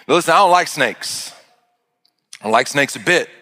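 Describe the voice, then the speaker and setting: A man, telling an animated story to an audience and acting out the shouts and panic. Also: a little high, moderate pace, long reverb tail. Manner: expressive, acts out shouts and panic, jokes with the crowd. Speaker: speaker addressing an audience.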